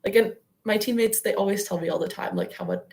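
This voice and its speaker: A woman's voice: mid-range voice, wildly swooping pitch, fast, a little mellow. A young adult woman, a guest athlete on a podcast, talking casually and reflectively with lots of "like" fillers. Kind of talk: podcast interview.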